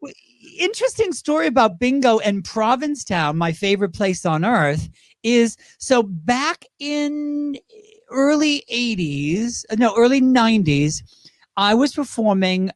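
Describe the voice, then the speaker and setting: British drag performer guest, high voice, dry close sound, animated storyteller. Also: male voice, no room sound. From Great Britain. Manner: animated, quick impressions, laughs while talking. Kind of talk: casual interview storytelling.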